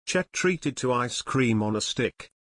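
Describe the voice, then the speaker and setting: Male audiobook narrator, expressive, dry close-miked sound. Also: medium pitch, a little slow, no room sound. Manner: clear and expressive storytelling. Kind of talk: scripted narration.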